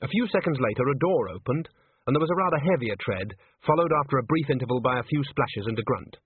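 A man reading a story aloud in an expressive storytelling manner. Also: medium pitch, fast, slightly rough. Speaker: audiobook narrator. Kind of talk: scripted narration. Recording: dry, tinny phone-like sound.

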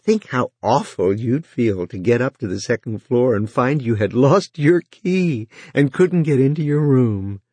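A man's voice: mid-range voice, animated, a little slow, hardly any pauses, dark tone, husky, dry recording. A man voicing a sly, coolly cruel female entity who taunts with false cheer. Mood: mocking.

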